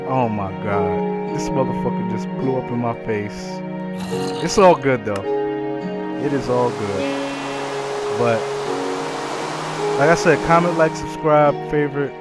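A man hosting his own gaming channel, giving profane, excitable let's-play commentary as he reacts aloud to the game. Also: mid-range voice, slow pace, pauses often. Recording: loud game music behind.

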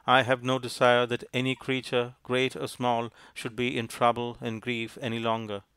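A man voicing a gentle, devoted young princess who speaks tenderly and softly. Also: medium pitch, monotone, moderate pace, smooth, no room sound, lightly acted.

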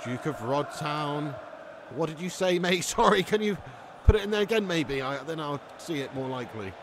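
A man's voice: fairly high pitch, animated, moderate pace, noisy background. A man chatting casually on a gaming live stream, full of slang and frequent laughs. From England. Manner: chatty, slangy, laughs often, reads out chat.

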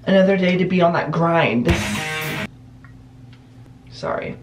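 A man's voice: high-pitched, slow, dull audio, music in the background. A young man filming a casual vlog at home in his bedroom and bathroom, talking in a sarcastic, self-mocking and dramatic way. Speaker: vlogger.

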